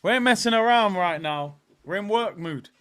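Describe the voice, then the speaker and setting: Male watchalong host, high-pitched, excitable live match commentary. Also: normal speed, clear, resonant tone. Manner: excitable, chatty, reacting to play and chat messages.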